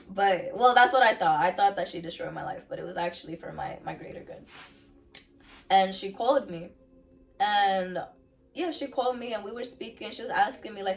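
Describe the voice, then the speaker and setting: A woman's voice: medium pitch, recorded from a distance. Earnest young woman giving a testimony. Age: young adult. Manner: earnest, repeats phrases for emphasis. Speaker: vlogger sharing her faith testimony. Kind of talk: candid personal testimony.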